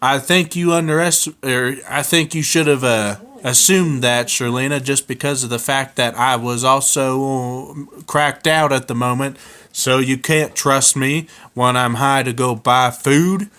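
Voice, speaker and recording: Casting: man playing a slow-drawling, cursing redneck husband for a comic story. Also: medium pitch, steady tone, fairly bright tone, clear, resonant tone, lightly acted. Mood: gruff. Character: crude redneck husband, foul-mouthed and hotheaded.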